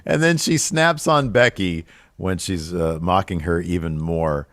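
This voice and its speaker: A man co-hosting a podcast, recapping wrestling in casual chat and jumping up in pitch when he gets riled. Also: measured pace, no room sound, studio quality. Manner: excitable, jumps high when riled. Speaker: podcast co-host.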